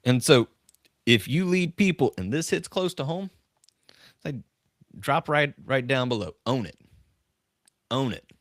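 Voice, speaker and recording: A middle-aged man talks leadership on a live-stream podcast, in a voice of ordinary pitch. He tells stories earnestly, hammering his main points through repetition. The recording is dry and close, with no room sound. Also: animated, measured pace, pauses often, no room sound. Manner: earnest, emphatic, repeats key phrases. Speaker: leadership coach and podcast host. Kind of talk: live-stream talk with storytelling.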